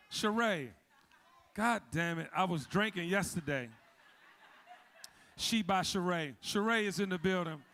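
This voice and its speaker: Emcee: joking man, high gravelly voice, live event roll call. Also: fairly bright tone. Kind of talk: live event shout-outs. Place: event hall with audience.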